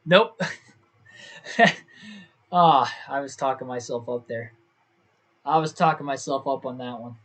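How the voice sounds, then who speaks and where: A man's voice: medium pitch, unhurried, pauses often, fairly bright tone, slight background noise. A young man casually commentating his own livestream, thinking aloud and second-guessing himself as he talks to his viewers. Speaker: gaming livestreamer.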